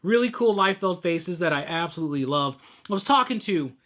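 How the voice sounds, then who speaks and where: A man's voice: high voice, expressive, brisk, fairly bright tone. A man hosting a podcast, talking casually and enthusiastically through a comic book. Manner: enthusiastic, rambling. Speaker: podcast host.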